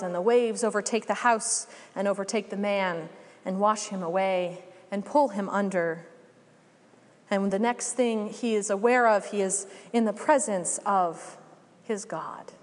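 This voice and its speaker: A woman's voice: mid-range voice, long reverb tail. Woman preacher telling a parable. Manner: storytelling, measured and reflective. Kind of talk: sermon.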